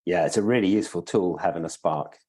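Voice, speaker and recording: A man co-hosting a podcast, chiming in agreeably in relaxed conversation. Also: sits low, fast talker, husky. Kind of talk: casual interview chat.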